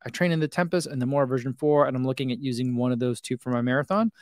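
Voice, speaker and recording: A man's voice: mid-range voice, fast talker, a little mellow, no room sound. Rambling man, dry close sound. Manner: rambling, self-deprecating, many fillers. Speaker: running channel host. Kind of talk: casual chat reading live comments.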